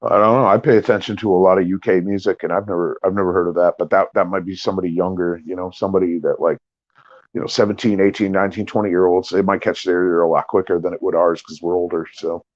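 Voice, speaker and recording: Man, low voice, dry dull lo-fi sound, casual profane stream host, middle-aged. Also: fairly even intonation, fast talker, a little mellow, no echo. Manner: loose, profane, rambling. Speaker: livestream host. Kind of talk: casual chat.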